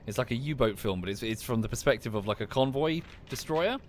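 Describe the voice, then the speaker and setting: A man's voice: mid-range voice, lively intonation, quick pace, a little hiss or hum. A man from the UK chatting casually while streaming a game, with dry muttered asides. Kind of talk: casual gameplay commentary.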